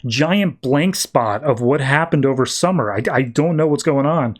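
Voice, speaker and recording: A man's voice: medium pitch, expressive, normal speed, natural voice. A man voicing a flustered, stammering schoolgirl in a comics recap. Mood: anxious. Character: anxious shy schoolgirl Olive.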